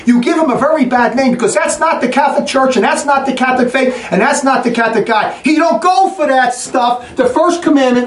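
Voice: high-pitched, brisk, hardly any pauses. A speaker in an impassioned religious rant, scornful and emphatic, stressing each clause. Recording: echoey, distant mic, faint noise.

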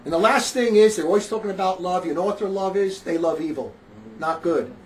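A man with a notably high voice for his sex talks as a street preacher, rambling and emphatic, circling back over his own phrases. He is from northern New Jersey, and his voice swells into loud, forceful bursts. A faint hum of noise sits behind him. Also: a little fast, poor audio. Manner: emphatic, rambling, repeats himself, rises to loud outbursts. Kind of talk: casual spoken monologue.

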